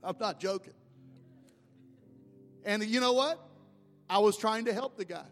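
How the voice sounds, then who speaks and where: A man's voice: high-pitched, a little slow, a bit bright. A man preaching a sermon as pastor, telling folksy stories with emphasis. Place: church sanctuary. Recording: long hall reverb, faint music.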